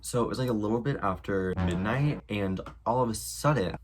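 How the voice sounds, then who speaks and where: A man's voice: fairly low pitch, brisk. A man chatting casually in a get-ready-with-me vlog at home, rambling with lots of fillers and the odd swear word. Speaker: vlogger. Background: loud background music.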